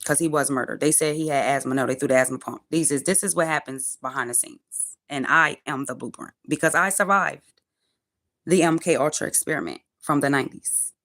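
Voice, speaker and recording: A woman's voice: deep voice, fairly quick, fairly bright tone. A woman in her forties ranting on a livestream from her car, profane, defiant and preachy. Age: 40s. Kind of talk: angry livestream rant.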